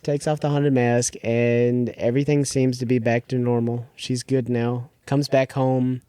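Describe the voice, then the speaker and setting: A man co-hosting a podcast in a loose, rambling way, his voice warm and mellow at an everyday pitch. He leans on fillers and slips into quick quoted bits. The sound is close and dry. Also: level tone, clear, resonant tone, no echo. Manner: rambling retelling with filler words and acted-out quotes. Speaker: podcast co-host. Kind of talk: casual chat.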